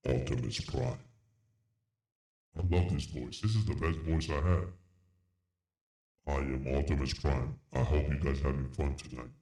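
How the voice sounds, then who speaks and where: A booming robotic monster voice, gravelly and dark, rumbling far below any normal speaking range. The filter gives it a machine-like edge, and the delivery is playful and showy. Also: male voice, steady tone, unhurried, pauses often. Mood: gleeful. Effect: voice changer, deep robotic.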